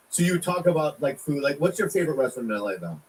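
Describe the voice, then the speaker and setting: A man's voice: fairly high pitch, fast talker, distant mic, slight background noise, low-quality recording. A man in his fifties in casual, joking podcast banter. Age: 50s. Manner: joking, laughing, animated banter.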